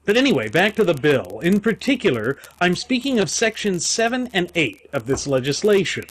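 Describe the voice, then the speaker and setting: A man's voice: high voice, big pitch swings, moderate pace, rough recording. A man co-hosting a political talk show, speaking emphatically and indignantly with rhetorical questions. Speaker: podcast co-host. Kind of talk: political commentary.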